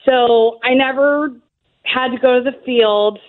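A fairly high-voiced woman chats through stories, laughing often and leaning on fillers. Her voice comes over a thin, phone-like line that cuts the lows and highs. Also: measured pace. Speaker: guest, Army veteran. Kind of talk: casual interview storytelling.

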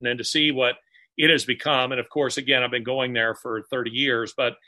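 Male author guest, bright tone, halting delivery. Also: mid-range voice, flat delivery. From Alabama, US. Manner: halting, with many pauses and restarts. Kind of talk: casual interview conversation.

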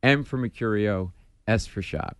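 A man's voice: lowish voice, a little slow, smooth, no room sound. A man from Providence, a guest comedian telling stories in a studio interview and acting out the dialogue as he goes. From Providence, Rhode Island. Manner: animated, punchline-driven storyteller who acts out dialogue. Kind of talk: storytelling in a casual interview.

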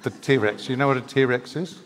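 A man's voice: medium pitch, normal speed, slight background noise. An older man from New Zealand tells stories on stage at a book event. He is wry and hesitant, full of "um"s and restarts, with a middling voice. The sound carries a long reverb from the hall. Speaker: guest author. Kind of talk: storytelling at a live book talk. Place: live event venue.

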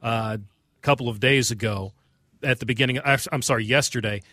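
A man's voice: medium pitch, moderate pace, bright, forceful tone, dry recording. Minnesota guy producing a radio show, dry studio sound, lots of uhs. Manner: hesitant, many fillers. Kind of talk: casual radio chat.

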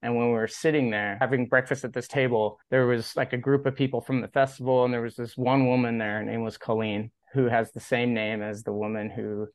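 A man's voice: mid-range voice, level tone, brisk, hardly any pauses, no room sound. Chatty man telling a story, dry sound. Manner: rambling, heavy use of "like", acts out quoted dialogue. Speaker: podcast guest, pro skateboarder. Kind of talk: casual personal storytelling.

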